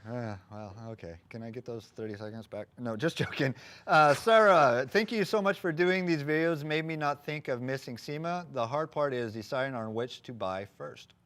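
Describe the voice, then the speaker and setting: A man's voice: medium pitch, moderate pace, fairly bright tone. A man co-hosting a live stream, chatting casually and reading out viewer comments. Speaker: live chat co-host.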